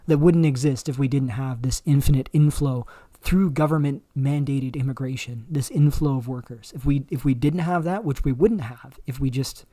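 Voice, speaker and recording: Guy riffing on his stream, warm low-key tone, dry close sound, lots of ums and restarts. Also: dry recording. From Canada. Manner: rambling, halting, many fillers and restarts. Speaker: livestream host. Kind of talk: casual livestream commentary.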